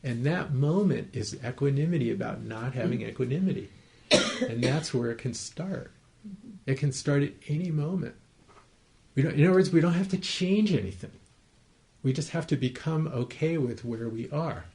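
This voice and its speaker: Gravelly-voiced man giving a meditation talk. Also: medium pitch, lively intonation, normal speed. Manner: conversational, gently explaining, asks the listeners to confirm they follow. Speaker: meditation teacher. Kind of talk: dharma talk to a group. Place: his home, small group room.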